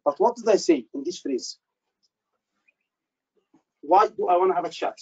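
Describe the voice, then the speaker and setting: A man tutoring doctors for an exam, quizzing his class with quick questions and repeating key phrases for emphasis. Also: sits high, sing-song, gravelly, breathy edge, lo-fi sound. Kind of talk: live teaching session.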